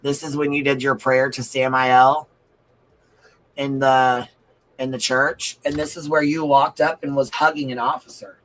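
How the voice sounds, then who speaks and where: A man's voice: medium pitch, little pitch movement, unhurried, fairly bright tone, low-quality recording. A man giving blunt, profane livestream commentary, reading out viewer comments and repeating his points for emphasis.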